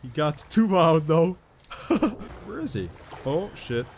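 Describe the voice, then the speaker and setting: A young man casually commenting on a horror game he is playing, joking around and getting excitable, close to his desk mic. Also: on the high side, a little slow. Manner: jokey and excitable, shouting when chased. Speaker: gameplay commentator. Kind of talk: casual let's-play commentary.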